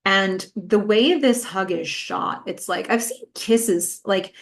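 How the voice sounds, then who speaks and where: A woman's voice: medium pitch, takes it slowly. A woman hosting a podcast, giving a casual, chatty recap of a TV episode with frequent "like" and "um". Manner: chatty, fillers like "um" and "like". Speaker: podcast host.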